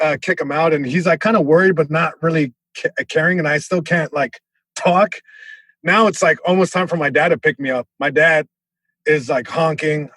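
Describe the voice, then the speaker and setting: A man from Southern California, a comedian guest telling a story on a podcast, animated, with many restarts. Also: fairly high pitch, no echo, low-quality recording.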